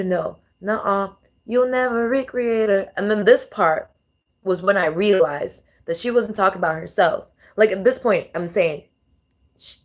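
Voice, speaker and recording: A woman vlogger talking casually and profanely as she reacts to songs, thinking aloud with many restarts. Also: fairly low pitch. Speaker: tarot and astrology vlogger. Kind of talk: casual commentary while playing songs.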